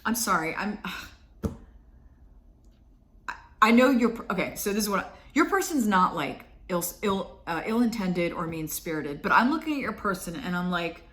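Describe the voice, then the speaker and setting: A woman's voice: mid-range voice, expressive, normal speed, fairly bright tone, slight background noise. A middle-aged woman giving a casual tarot reading, meandering and chatty, trailing off and starting over. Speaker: tarot reader. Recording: echoey room.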